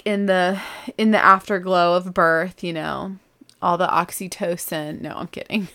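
Brief: woman, thirties, mother type, casual chatty storyteller, mid-range voice, lively and amused delivery. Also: mid-range voice, vocal fry. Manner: animated, chatty, laughs while telling.

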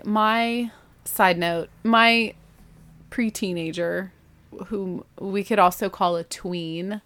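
A woman, hosting a podcast in a rambling, chatty way with lots of "like" and self-corrections. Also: a little high. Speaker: podcast host. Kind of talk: casual solo chat.

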